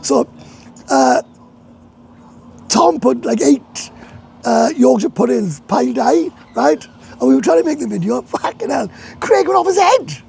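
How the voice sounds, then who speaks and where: A man's voice: extremely high pitch, very animated, unhurried, vocal fry, long pauses, darkish tone, slightly rough. A Welsh man chatting on a casual live stream from a bar, rambling and swearing, laughing often. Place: bar in a hot tourist town.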